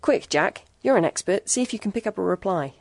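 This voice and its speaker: A woman voicing a nervous, excitable male chemist who talks in urgent bursts. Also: medium pitch, brisk, vocal fry, dry recording. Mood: urgent excited. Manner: jittery, urgent.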